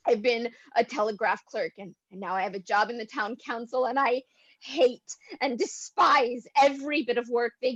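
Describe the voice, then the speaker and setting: High bright voice, a woman doing a weepy young woman at the end of her rope, dry close sound. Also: no room sound, highs cut off. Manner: sobbing, anguished outbursts. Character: despairing young woman, twenty-three, weary clerk. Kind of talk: cold-read stage drama. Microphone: video call.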